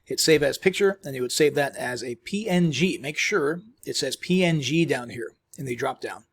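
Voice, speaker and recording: A man presenting a screen-recorded software tutorial in a casual, rambling way, full of ums and restarts, chewing while he talks. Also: mid-range voice, normal speed, gravelly, slightly rough.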